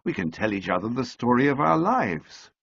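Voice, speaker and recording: A man reading an audiobook, voicing a kind, decisive young woman who talks in a brisk, teasing way. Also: mid-range voice, big pitch swings, vocal fry, fairly bright tone, husky, dry recording, lo-fi sound, exaggerated voice. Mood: kindly. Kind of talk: audiobook character voice.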